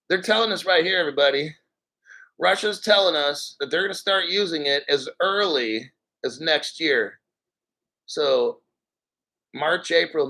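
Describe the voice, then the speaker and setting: A man hosting a crypto video talks in a forceful, bright, somewhat high voice. He reads a news article and keeps cutting in with hyped, boastful reactions. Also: low-quality recording. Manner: hyped, boastful, laughing often. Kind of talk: excited commentary reading an article.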